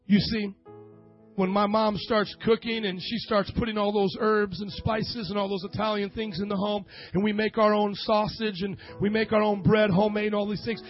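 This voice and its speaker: A male pastor preaching with a very high, husky voice, driving his points home with emphatic bursts and call-and-response. The recording sounds dull and lo-fi, with faint music underneath. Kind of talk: sermon.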